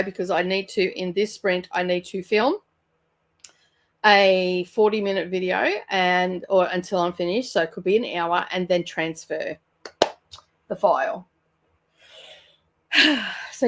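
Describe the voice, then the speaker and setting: A woman's voice: mid-range voice, fairly bright tone. A woman from Australia with an Australian accent, chatting casually on her home livestream, greeting viewers and laughing often while sounding a little tired. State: sluggish and tired. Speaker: channel host running a reading sprint livestream. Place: home room by her bookshelves.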